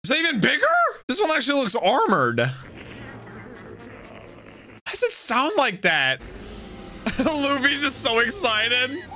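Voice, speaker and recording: Excitable young man reacting loudly. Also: very high voice, unhurried, long pauses, a little hiss or hum. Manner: excitable, swings into loud outbursts. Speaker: anime reaction host. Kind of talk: casual reaction commentary.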